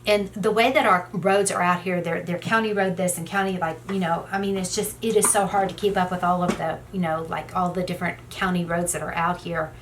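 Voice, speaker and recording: A woman's voice: on the low side, steady tone, brisk, hardly any pauses, a little hiss or hum. A middle-aged woman tells a story in a casual, rambling way while doing her makeup, with many "you know" fillers. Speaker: beauty vlogger.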